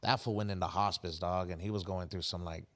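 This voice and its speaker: A man's voice: low-pitched, steady tone, fairly quick, a bit bright. A man co-hosting a podcast in casual chat, full of street slang and "you know what I mean". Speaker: podcast co-host.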